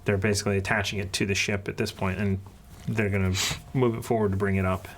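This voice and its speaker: A man's voice: fairly low pitch, flat delivery, quick pace, a little hiss or hum. A man running a tabletop game as dungeon master, describing scenes hesitantly with many fillers.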